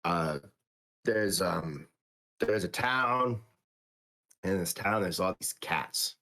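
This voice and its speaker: A man in a role-playing game, telling a bedtime story in a halting, rambling way full of fillers. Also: low-pitched, animated, pushed and bright. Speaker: player.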